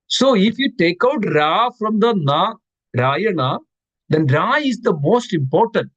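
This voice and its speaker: A man's voice: high-pitched, very animated, measured pace, a bit bright, no room sound, highs cut off. A man giving a devotional scripture class, reciting verses and asking his listeners questions, often repeating words for stress. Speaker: class speaker.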